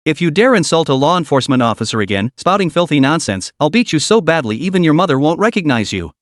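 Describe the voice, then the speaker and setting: A man's voice: a little high, very animated, no echo, studio quality. A man voicing a blunt, confident young male college student. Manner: blunt, deliberate.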